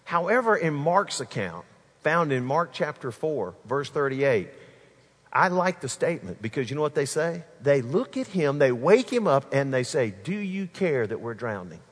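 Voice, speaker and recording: A man's voice: fairly high pitch, very animated, normal speed, long reverb tail. A man preaching a sermon to his congregation, speaking to them directly and with energy. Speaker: pastor.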